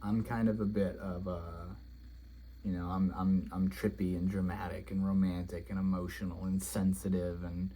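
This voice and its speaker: A man's voice: sits low, flat delivery, normal speed, mellow, slight background noise. A young man telling a story in a casual, rambling way, dreamy and emotional, with many "like"s and "you know"s. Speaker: vlogger.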